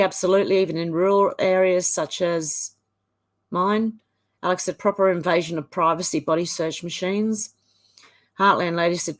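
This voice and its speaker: A middle-aged Australian woman hosting a live stream, chatting casually and reading viewer comments aloud in a quick running voice. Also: lowish voice.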